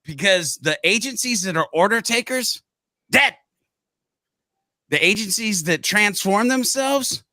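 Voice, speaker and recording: Middle-aged male podcast co-host, bright forceful tone, punchy and emphatic delivery. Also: sits high, expressive, unhurried, long pauses, no echo. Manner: emphatic, punchy, repeats short blunt lines. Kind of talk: podcast discussion.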